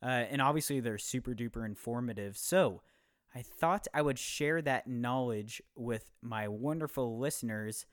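A man's voice: medium pitch, normal speed, no echo, clean studio sound. A young man in his twenties hosting a podcast, talking in a loose, upbeat, rambling way with plenty of fillers. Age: 20s. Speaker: podcast host. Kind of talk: casual podcast talk.

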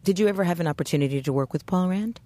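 A woman's voice: lowish voice, very fast, mellow, no room sound. Woman host asking concise questions. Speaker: interviewer, host. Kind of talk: interview questions.

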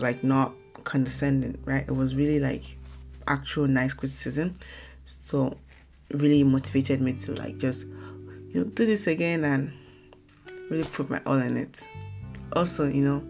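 A young woman from Nigeria hosting her own casual podcast, talking fast and rambling, often correcting herself mid-sentence. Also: very deep voice, creaky. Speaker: podcast host. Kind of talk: casual solo podcast talk.

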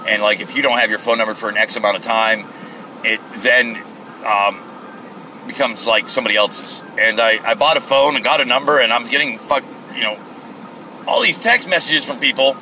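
A man's voice: medium pitch, normal speed, bright, forceful tone, a little hiss or hum, rough recording. A middle-aged man hosting a casual solo podcast from his car, telling a rambling story and acting out the people in it with mock voices. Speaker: podcast host. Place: in a car, at a gas station.

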